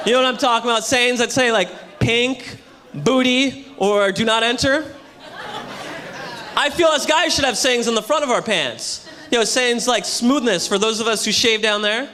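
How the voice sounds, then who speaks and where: A man doing a loud, punchy stand-up comedy set on a hotel ballroom stage, with a live audience audible. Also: very high-pitched, moderate pace. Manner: loud, punchy delivery to a crowd.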